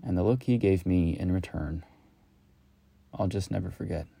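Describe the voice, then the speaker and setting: A man reading a reflective personal story in a slow, measured, lyrical way. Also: sits low, gravelly, mellow, husky, no room sound. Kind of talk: reflective spoken-word storytelling.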